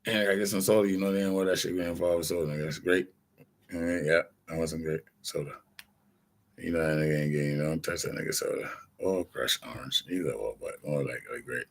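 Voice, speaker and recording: Middle aged guy, deep husky voice, just chatting and wandering off topic, swears a lot. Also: steady tone, brisk. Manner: loose, profane, meandering, acts out quoted people. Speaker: vlogger. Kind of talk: casual rambling storytelling.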